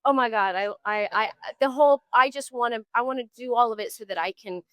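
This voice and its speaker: A woman's voice: a little high, fairly quick, a bit bright, smooth, dry recording. A woman musician being interviewed, speaking earnestly and thoughtfully, often trailing off and restarting her sentences. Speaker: musician guest. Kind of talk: street interview. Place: outdoors on a street.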